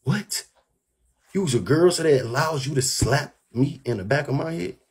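A young man telling a heated, profane story on his livestream, animated and worked up. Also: a little high, fairly quick, breathy edge. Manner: profane, animated, keeps saying "bro".

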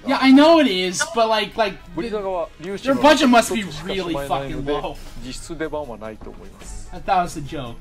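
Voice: mid-range voice, expressive, unhurried, long pauses. Brief: streamer reacting live, stumbling over words, swears a lot, music behind. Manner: rambling, stuttering, profane, frequent fillers. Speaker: streamer reacting to a game reveal. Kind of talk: casual live reaction chat. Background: game music.

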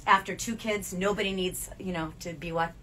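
Southern woman, middle-aged, podcast co-host; animated, chatty storyteller; light background hiss. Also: fairly low pitch, moderate pace. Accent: Southern American. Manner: bubbly, animated storyteller with laughs. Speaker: podcast co-host, Spanish professor. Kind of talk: casual chat while knitting. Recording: faint background noise.

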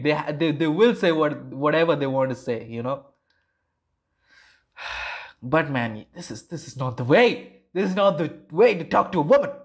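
A man casually reacting to video clips, exclaiming and repeating his phrases in disbelief. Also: medium pitch.

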